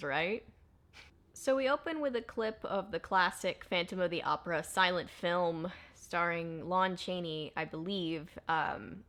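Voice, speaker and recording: A chatty woman with a slightly low voice reviews a movie in a casual, sarcastic way. She drops deadpan jokes between her comments.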